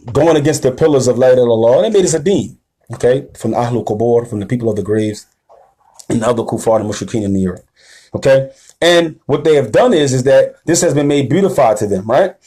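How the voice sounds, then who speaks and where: A man's voice: mid-range voice, lively intonation, brisk. A man giving a sermon-style religious lecture, emphatic and slangy, often checking in with his listeners. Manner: rousing, rising and louder at the call to action. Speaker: religious teacher.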